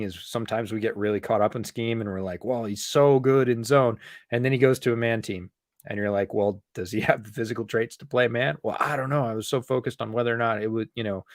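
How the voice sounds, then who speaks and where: A man co-hosting a podcast in casual chat, explaining points in a measured way and repeating them for emphasis. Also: mid-range voice, dry recording, clean studio sound. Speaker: podcast co-host.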